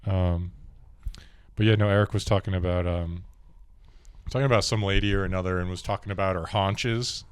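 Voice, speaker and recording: Male podcast host, deeper voice, loose rambling chatter, dry mic. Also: fairly even intonation, moderate pace, clean tone, no echo. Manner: rambling, many "like"s, laughs easily. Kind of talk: casual chat.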